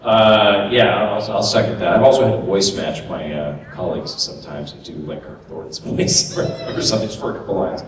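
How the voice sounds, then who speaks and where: A man with a lowish voice answers questions from a convention panel stage, picked up from a distance in a very echoey hall with a faint hiss behind him. He talks loosely, stopping and restarting as he thinks. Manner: loose, halting, with restarts and fillers.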